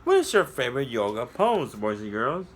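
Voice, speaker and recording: A young man reading a picture book aloud to children, breaking off to talk to them directly in a sing-song, animated way. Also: medium pitch, normal speed, a little hiss or hum. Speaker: children's story reader.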